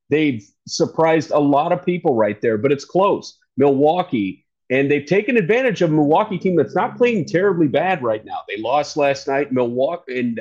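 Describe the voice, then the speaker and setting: Brief: male baseball analyst, chatty and self-correcting, somewhat higher pitch, dull audio. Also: darkish tone. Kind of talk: casual sports talk.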